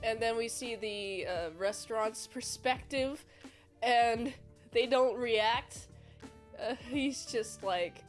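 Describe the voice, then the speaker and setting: A woman's voice: a little high, takes it slowly, soft background music. A woman reviewing a movie in a casual, rambling, jokey recap with self-deprecating asides.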